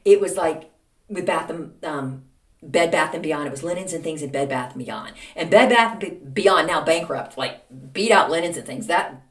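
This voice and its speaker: Female podcast host, casual storyteller, very lively pitch, slightly distant and roomy recording. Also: normal speed. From Texas. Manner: chatty, animated, with many fillers and acted-out quoted dialogue. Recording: roomy, a little distant from the mic.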